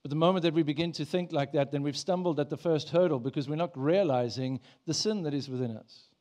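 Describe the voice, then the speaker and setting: A man's voice: on the high side, quick pace, darkish tone. A man preaching a sermon in church, talking in a conversational way, with many restarts and prayers he acts out in the first person. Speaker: pastor.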